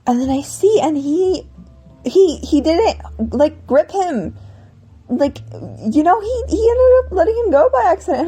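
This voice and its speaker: A woman's voice: sits high, animated, measured pace, mellow. A woman vlogger telling a long personal story in a casual, rambling way, often correcting herself mid-sentence.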